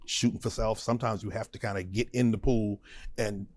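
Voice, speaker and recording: A fairly low-voiced man talks as a guest in an interview. He is animated and emphatic, leaning hard on short stressed words to land his points. He laughs easily, and his voice is close and dry. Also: fairly quick, dry recording. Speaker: guest, supporting vocalist. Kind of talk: conversational interview.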